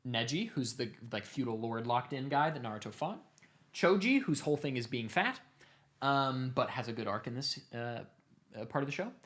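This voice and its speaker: A young man casually retelling a long story to his family, animated and cursing offhandedly. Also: medium pitch, normal speed. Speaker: streamer host.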